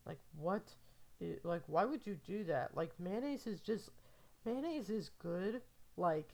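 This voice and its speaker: A woman's voice: lowish voice, lively intonation, unhurried, vocal fry, darkish tone. A young adult woman rambling in a casual, filler-heavy podcast monologue, amused and meandering.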